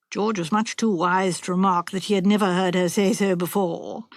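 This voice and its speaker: A woman narrating a mystery audiobook in a measured, even storytelling manner. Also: medium pitch, no room sound. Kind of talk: scripted narration.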